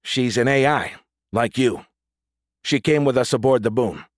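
In a clean, dry studio recording, a man lightly acts the part of an inquisitive male soldier in an audiobook, pitching his medium voice above his natural one. He speaks unhurriedly, asking direct, curious questions.

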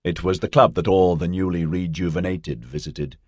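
Male audiobook narrator, deep and husky, expressive delivery, dry booth sound. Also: normal speed, dry recording. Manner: steady storytelling with lightly voiced dialogue. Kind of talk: scripted narration.

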